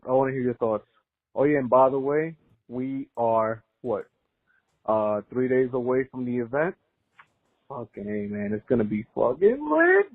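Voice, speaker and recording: Dude calling in over a tinny phone line, laid back, rambly, swears a lot, dry sound. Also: male voice, mid-range voice, animated, measured pace, no room sound. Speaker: caller. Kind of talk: casual call-in chat.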